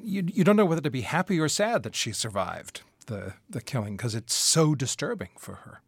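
A man's voice: medium pitch, very animated, normal speed, vocal fry, breathy edge, no room sound. A man interviewing an author, asking reflective, conversational questions.

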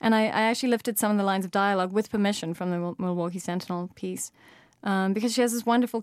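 A woman's voice: mid-range voice, fairly even intonation, fast, dry recording, clean studio sound. A woman author with a South African accent, talking thoughtfully in an interview with frequent fillers and restarts.

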